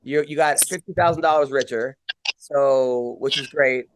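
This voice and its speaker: A man's voice: medium pitch, fairly even intonation, normal speed, slight background noise. Rambling joking podcast host man. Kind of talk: casual podcast interview.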